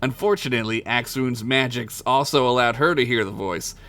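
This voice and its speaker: A man's voice: mid-range voice, a little fast, a bit bright. A man reading his own crude comic story aloud for a podcast, giggling at his jokes and tripping over made-up names. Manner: stumbles over invented names.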